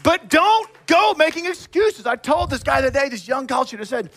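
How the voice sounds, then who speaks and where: A man preaching with a bright, ringing voice set high for a man, animated and emphatic. He addresses his congregation directly and calls them out, slipping into quick play-acted asides. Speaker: pastor. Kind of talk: sermon.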